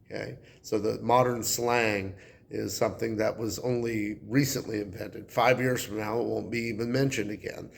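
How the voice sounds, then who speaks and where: A male high school English teacher, explaining a poem in a relaxed, conversational way. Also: moderate pace, creaky. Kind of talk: classroom lesson explanation.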